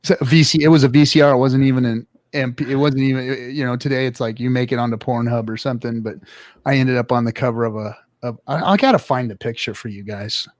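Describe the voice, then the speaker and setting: A man's voice: medium pitch, fast talker, no room sound. A middle-aged man from the United States hosting a casual livestream chat, rambling and profane as he tells stories. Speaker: podcast host.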